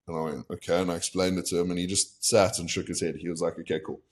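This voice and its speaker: A young South African podcast guest with a low, slightly mellow voice speaks quickly with few pauses and a level tone. He candidly recounts a casual story, performing other people's words in quoted voices.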